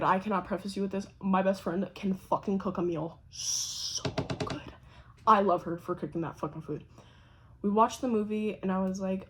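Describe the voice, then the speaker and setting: A young woman tells a casual storytime, swearing every few words. Her voice is a little husky, and she tells it in a lively, animated way. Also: medium pitch, moderate pace. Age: young adult. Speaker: vlogger.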